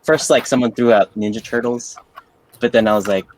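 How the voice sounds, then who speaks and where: A man's voice: medium pitch, fairly even intonation, a little fast, dry recording. A man on a podcast telling a rambling, laughing story in casual chat. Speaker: podcast panelist.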